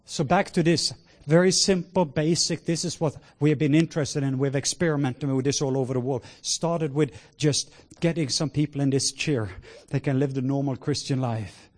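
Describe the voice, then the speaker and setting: A man preaching a sermon with passion, moving between hushed words and loud exclamations. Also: mid-range voice, steady tone, normal speed, few pauses. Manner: sprinkles in laughter and cries of "whoa".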